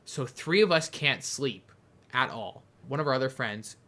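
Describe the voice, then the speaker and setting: A young man from Canada telling a long, animated anecdote on a podcast, rambling and often breaking into laughter. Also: mid-range voice, moderate pace. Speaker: podcast host. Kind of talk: casual storytelling chat.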